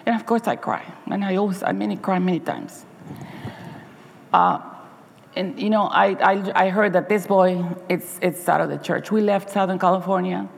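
Woman, low voice, gravelly, earnest church testimony, long hall reverb. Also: moderate pace. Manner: earnest, heartfelt storytelling with repeated restarts. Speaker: Sabbath school teacher giving a church talk. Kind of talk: personal testimony to a congregation.

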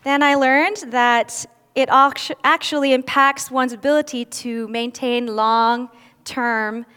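A woman's voice: high-pitched, fairly even intonation, slow, pushed and bright, smooth. A woman giving a candid personal testimony at a church service, with self-deprecating humor. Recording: long reverb of a large hall.

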